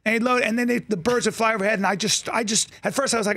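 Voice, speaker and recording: A man guesting on a talk show, telling animated stories in casual chat and slipping into impressions. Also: high voice, rapid-fire, few pauses, no room sound. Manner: animated storyteller, slips into impressions. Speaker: comedian guest.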